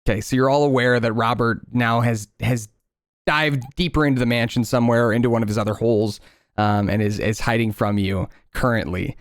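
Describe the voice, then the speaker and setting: A man narrating a tabletop game as game master, patiently explaining rolls. His voice is smooth and clear at a medium pitch. The recording is close and dry. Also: fairly even intonation, brisk, no echo. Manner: explaining rules patiently, with filler words.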